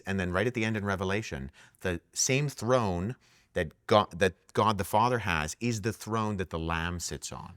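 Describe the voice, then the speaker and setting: A man's voice: low-pitched, a bit bright, dry recording, clean studio sound. A man co-hosting a casual theological discussion, earnestly explaining points and building them into lists. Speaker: apologetics ministry co-host.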